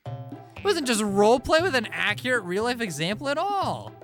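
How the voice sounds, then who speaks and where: A man's voice: extremely high pitch, sing-song, moderate pace, pitched above the performer's own voice. A man voicing a small, hot-tempered teenage girl who bursts out in brash, profane lines. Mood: hurt. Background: background music.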